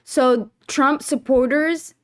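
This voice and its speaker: Casting: high, slow-spoken woman reacting with sarcasm and indignation. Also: steady tone. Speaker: commentator. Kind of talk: reaction commentary.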